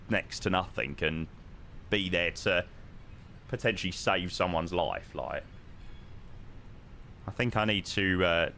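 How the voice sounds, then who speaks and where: A man's voice: deep voice, fairly bright tone, slight background noise. A man, chatting casually with his live-stream chat while flying a sim, swearing now and then.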